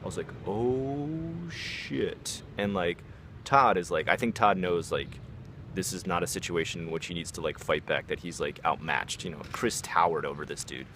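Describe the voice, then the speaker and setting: A young man with a low voice tells a story in a loose, casual way. He swears often and scatters "like" and "you know" through his sentences. There is faint background noise behind him. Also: steady tone, fairly quick. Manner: casual, profane, many fillers like "like".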